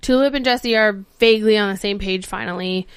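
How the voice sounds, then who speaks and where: A woman podcast host giving a casual, animated recap of a TV episode, acting out the characters' lines and swearing freely. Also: mid-range voice, brisk, clean tone, dry recording. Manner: animated storytelling, acts out quotes, swears freely.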